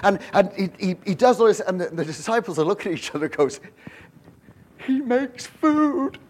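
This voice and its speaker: A man's voice: high voice, fast, breathy edge. A man preaching a humorous sermon, telling stories with jokes, rhetorical questions and frequent restarts. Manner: storytelling, joking, many restarts and rhetorical questions. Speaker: pastor.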